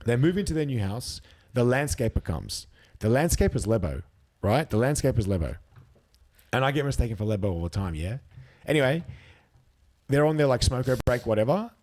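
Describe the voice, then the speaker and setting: A man's voice: mid-range voice, sing-song, fairly quick, darkish tone. An Australian man in his thirties, a competitive eater telling stories casually and acting out quotes, swearing freely. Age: 30s. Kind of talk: casual storytelling with profanity.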